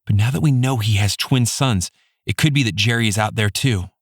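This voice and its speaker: A frantic young mother, urgent and pleading, voiced by a male audiobook narrator. The pitch climbs high above his own voice, and the read is dry and close. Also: brisk, dry recording. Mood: worried. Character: frantic young mother whose daughter is kidnapped.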